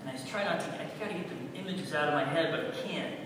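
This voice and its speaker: Pastor, man, fifties, lively storyteller who drops to a hush then shouts; recorded distant in a reverberant hall with noticeable room noise. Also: on the high side, quick pace. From California. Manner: animated storytelling, shifting from hushed to shouting. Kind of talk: sermon. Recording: echoey hall from far off, audible room noise.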